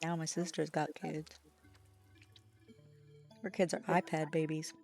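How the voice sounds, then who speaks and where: A woman streamer with a low voice that frays into gravel, chatting casually over a game. She tells rambling stories, swears freely and breaks into laughs, with faint music under her. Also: flat delivery, a little slow, darkish tone. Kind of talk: casual chat while gaming.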